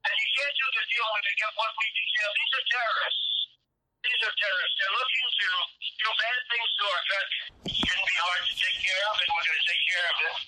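Bright-voiced man, blunt and repetitive. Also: high-pitched, a little fast, rough recording. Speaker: politician on a recorded call. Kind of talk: played phone call clip.

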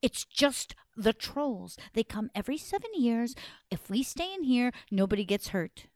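A woman voicing a low, hushed old king. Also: sing-song, measured pace, dry recording, clean studio sound. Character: gruff cautious old king father.

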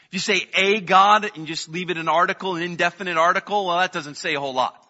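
A pastor preaching an evening sermon in a conversational way, swinging from loud emphasis to quiet asides. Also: male voice, fairly even intonation, very fast. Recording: muffled low-fidelity recording.

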